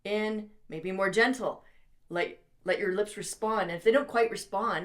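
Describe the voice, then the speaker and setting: A woman's voice: mid-range voice, measured pace. A woman teaching trumpet in an instructional video, coaching encouragingly with breath cues and demonstrations.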